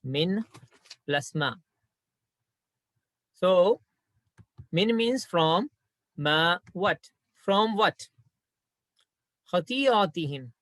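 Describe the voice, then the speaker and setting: A man teaching an Arabic grammar lesson patiently, repeating his points and reciting verses quickly. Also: high-pitched, expressive, a bit bright, no room sound.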